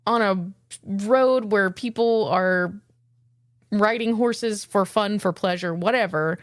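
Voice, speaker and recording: A woman trades blunt, playful banter as a podcast co-host. Her voice sits at a middle pitch. It is recorded dry and close. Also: slow, no room sound. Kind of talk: casual chat.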